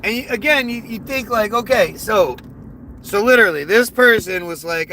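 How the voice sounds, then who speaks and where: A man's voice: high-pitched, moderate pace, bright, forceful tone. A man ranting heatedly and profanely on a livestream, reading chat and often restarting his sentences. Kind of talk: casual livestream rant.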